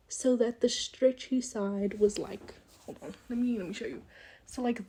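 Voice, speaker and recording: A woman's voice: mid-range voice, mellow, slightly rough. A woman in her twenties hosting her own podcast, rambling and chatty, laughing often and slipping into whispered asides, recorded on a phone at home. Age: 20s. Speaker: podcast host. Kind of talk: casual chat. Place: indoors, room at home with windows. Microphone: phone held in hand.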